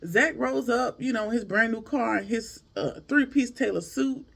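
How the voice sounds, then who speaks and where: A man casually recapping a TV episode to his viewers, chatty and animated, with slangy asides and jokes. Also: very high voice, a little slow, vocal fry. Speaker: TV show reviewer.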